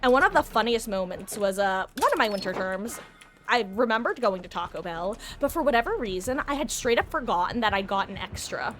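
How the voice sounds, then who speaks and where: Soft music plays behind a woman whose mid-range voice runs a little fast. She's streaming a game live and chatting casually, rambling through stories to viewers with bursts of animated shrieking.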